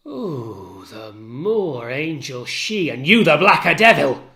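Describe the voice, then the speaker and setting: In a dramatic reading of a play, a man gives a full character voice to a loyal, outraged middle-aged maidservant, very animated yet unhurried. His tone is bright and forceful as he raises his voice high and cries out in alarm.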